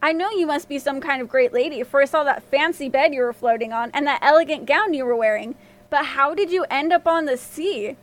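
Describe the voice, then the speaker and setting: A woman's voice: high-pitched, a little fast, natural voice. A woman voicing a kind old fisherman. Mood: kindly. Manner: gentle, courteous.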